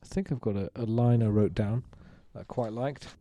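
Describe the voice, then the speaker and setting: A man's voice: medium pitch, normal speed, dry recording, dull audio. A man co-hosting a podcast, chatting in a rambling, self-mocking, jokey way. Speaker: podcast co-host. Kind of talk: casual chat.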